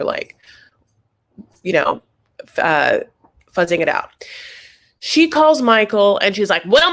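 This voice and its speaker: A woman hosting a casual reality TV recap, gossipy and animated, calling her viewers "honey". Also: on the low side.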